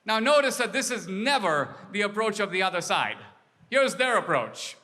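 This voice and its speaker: A man's voice: high voice, moderate pace, long reverb tail. A man giving a political speech to an audience, telling stories animatedly and acting out exchanges. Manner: animated storytelling, acts out exchanges. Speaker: political speaker.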